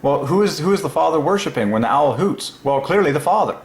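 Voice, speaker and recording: A man hosting his own channel, talking alone in a casual, excited way, musing aloud and laughing to himself, recorded on a lapel mic. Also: a little high, fast talker, reverberant, low-quality recording. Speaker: religious channel host. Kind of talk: solo casual commentary.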